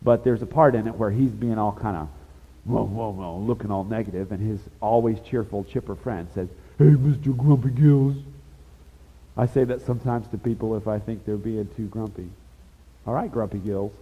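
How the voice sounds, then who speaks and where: Man, sermon, conversational and emphatic preaching, husky voice, dull lo-fi sound. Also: on the low side, steady tone, brisk. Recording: dull lo-fi sound with long reverb.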